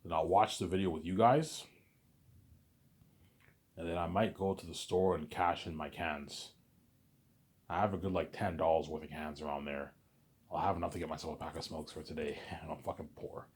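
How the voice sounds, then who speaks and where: A man's voice: extremely low pitch, fairly even intonation, normal speed, long pauses, slightly rough. A man vlogger ranting in a casual monologue, repeating himself and swearing freely. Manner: repetitive, profane ranting.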